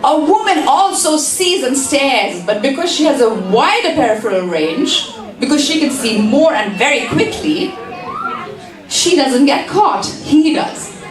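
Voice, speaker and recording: Slow, playful high-voiced woman lecturing. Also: expressive, echoey room, distant mic, a crowd in the background, poor audio. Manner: playful, teasing, repeats phrases for emphasis. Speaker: speaker at a community talk. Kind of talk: humorous lecture to an audience.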